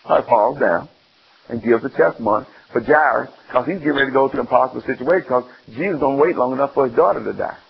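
A male preacher giving an animated sermon, acting out the scenes and putting questions to his listeners. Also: medium pitch, quick pace, creaky, breathy edge, dull audio.

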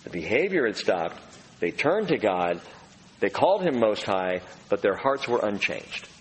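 A man preaching a sermon in a lively, animated voice that swings up and down in pitch. As a pastor, he acts out the voices he quotes. His voice carries a long reverb through a hall, with faint room noise behind it. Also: a little slow.

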